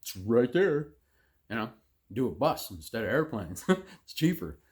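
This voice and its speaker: A man's voice: mid-range voice, sing-song, unhurried. A man delivering an angry, sarcastic, profanity-heavy rant as a vlogger. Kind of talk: profane political rant to camera.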